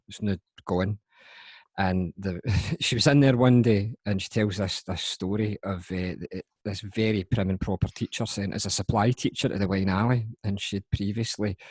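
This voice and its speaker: A Glaswegian man with a husky, fairly low voice tells a story, stumbling and restarting with amusement. The sound is close and dry. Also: darkish tone, no room sound. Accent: Glaswegian Scottish. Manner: halting, amused anecdote telling. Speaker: podcast host, mental health nurse. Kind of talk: casual storytelling.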